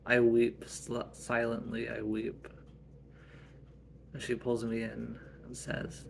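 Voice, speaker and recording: Brief: amateur male storyteller, slow and earnest, slight fry. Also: medium pitch, completely flat delivery, a little hiss or hum. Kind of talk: casual family role-play storytelling.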